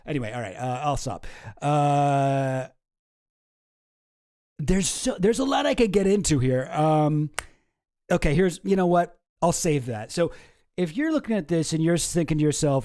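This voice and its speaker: Mellow, wry, rambling male commentator. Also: on the high side, very animated, measured pace, no room sound, clean studio sound. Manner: rambling, self-interrupting, wry. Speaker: YouTube commentary host. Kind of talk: casual comedic commentary.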